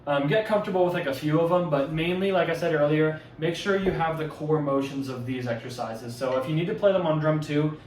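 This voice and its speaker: A man's voice: fairly high pitch, a little fast, hardly any pauses, a little mellow, a little hiss or hum. A man giving a casual walkthrough of drumline audition exercises, talking loosely with fillers and self-corrections. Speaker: drumline instructor. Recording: echoey room, mic at a distance.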